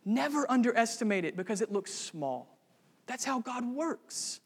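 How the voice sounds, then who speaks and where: Male pastor with a high voice, earnest sermon delivery that rises to fervent emphasis, long hall reverb. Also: very animated, normal speed, breathy edge.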